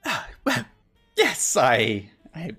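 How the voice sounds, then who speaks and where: A man's voice: huge pitch swings, drawn-out words, sharp tone, husky, faint music behind, full character voice. A man voicing a fussy, balding gnome jeweler who is obsessed with cleanliness, in a prissy, disdainful manner. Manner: prissy, disdainful, high-pitched and fluttery.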